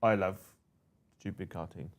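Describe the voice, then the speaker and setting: A man from England with a low-pitched, fairly even, unhurried voice co-hosts a casual livestream. He reads super chats aloud in a jokey, playful way, trying out silly accents.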